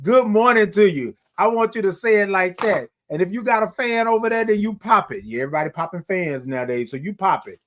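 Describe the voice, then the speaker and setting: A high-pitched man hosts a morning livestream. He talks in an exuberant, chatty way and now and then breaks into sung greetings. He reads viewer comments aloud and encourages the people listening. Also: brisk, few pauses, fairly bright tone. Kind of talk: casual motivational livestream chat.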